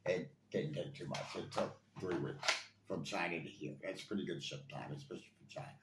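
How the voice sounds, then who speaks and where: Speaking fairly quickly in a low voice, a man gives an excited, rambling chat about toy blasters, full of fillers and repeats. Heavy background noise accompanies the echoey room's faint ambience.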